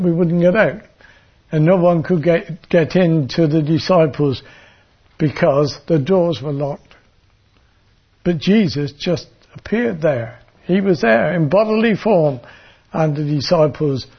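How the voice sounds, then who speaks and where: A man gives a sermon at a very unhurried pace, his voice husky and a little high. He reads scripture in a measured way and now and then stumbles over and repeats his words. The recording sounds dull and lo-fi. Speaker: preacher. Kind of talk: sermon with Bible reading.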